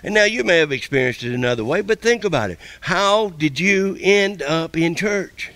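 A man preaching a sermon as pastor, folksy and repetitive, with quick asides to the congregation. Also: high-pitched, lively intonation, fairly bright tone, dry recording.

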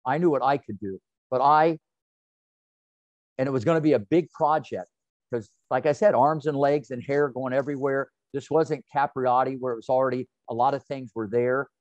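A man in his sixties, a tennis coach, telling lively, colorful anecdotes in an interview. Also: mid-range voice, moderate pace, no room sound. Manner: animated, colorful anecdotes with slang. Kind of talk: interview storytelling. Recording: dull, dry audio.

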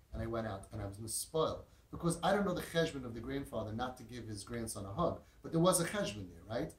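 A man telling a heartfelt story with emphasis, repeating words and using Yiddish and Hebrew terms. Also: mid-range voice. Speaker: parenting speaker. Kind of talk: storytelling talk. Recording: roomy echo, distant mic, faint noise.

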